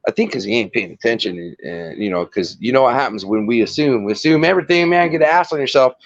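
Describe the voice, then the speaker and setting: A man's voice: mid-range voice, expressive, fast, dry recording, highs cut off. A man telling a long rambling story in casual chat, swearing and laughing often.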